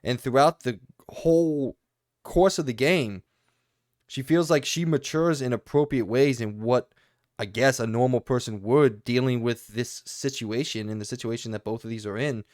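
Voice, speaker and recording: A man co-hosting a video game podcast, talking in long animated runs in a casual review discussion. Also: medium pitch, normal speed, no room sound, clean studio sound.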